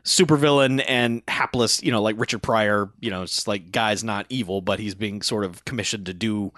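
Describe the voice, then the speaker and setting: A man's voice: lowish voice, brisk, no echo, studio quality. A man co-hosting a podcast, joking about a movie and jumping in with laughing asides and voiced quotes. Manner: laughing, animated, jumps in with jokes and voiced quotes. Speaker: podcast co-host. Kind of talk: casual chat recapping a movie.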